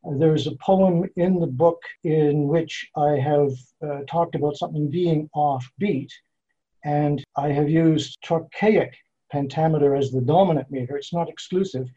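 Being interviewed, this poet and author answers thoughtfully, carefully explaining and slowing to lay out meter. His dark, husky voice has a fairly high pitch, captured on dull lo-fi audio.

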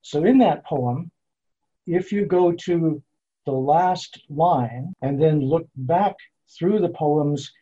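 A man, a poet being interviewed, explaining his verse forms in a measured, careful way. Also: on the high side, mellow, breathy edge. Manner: measured, explanatory, slows down to spell out meter. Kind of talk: thoughtful interview answers. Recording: dull lo-fi sound.

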